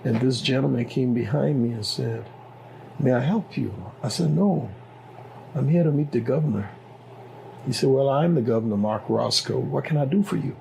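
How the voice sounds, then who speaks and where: A man's voice: medium pitch, normal speed, gravelly, darkish tone, a little hiss or hum, poor audio. A middle-aged man with a Liberian accent telling his story as an interview guest, acting out the dialogue with animation. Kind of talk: personal storytelling.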